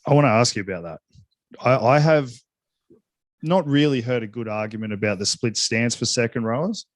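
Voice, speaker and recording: A man hosts a podcast and asks short, casual, blunt questions. His voice is mid-pitched. It sounds dry and close, with no room echo. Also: moderate pace. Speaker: podcast host.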